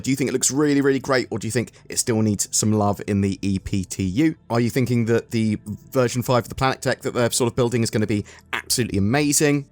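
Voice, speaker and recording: An English man hosting a gaming news channel, giving a brisk scripted rundown and asking viewers questions. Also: medium pitch. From England.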